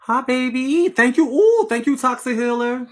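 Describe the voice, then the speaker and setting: A high-voiced woman from Philadelphia chats into her phone on a late-night livestream. She is sassy and playful, with quick slangy, profane banter and a steady stream of thanks to her viewers. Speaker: livestream host. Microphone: phone livestream app.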